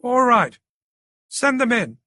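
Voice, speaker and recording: A man's voice: very high voice, big pitch swings, slow, pushed and bright, dry recording, studio quality, voice pushed up, exaggerated voice. A man voicing a tough, commanding woman police commander who barks urgent orders. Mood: curt.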